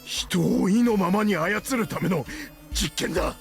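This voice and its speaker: A gravelly, gruff big man. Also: high voice, brisk, faint music behind. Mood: urgent. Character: big gruff man, dazed, piecing memories back. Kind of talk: game voice acting.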